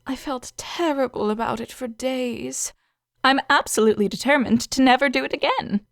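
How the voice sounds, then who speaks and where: A woman doing a chatty alien saleswoman from a storybook, pushy and easily flustered. Her voice sits high and bright, in a close, dry recording. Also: moderate pace, gravelly, no echo. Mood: earnest sales pitch. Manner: chatty, overly earnest salesperson patter.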